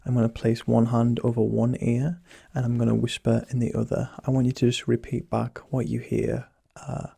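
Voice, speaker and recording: Whispering close and dry into the mic, a young man plays a teasing doctor, his low, husky voice soft with a gravelly edge and a dark, mellow tone. He speaks in a monotone at a moderate pace, barely pausing, with no echo.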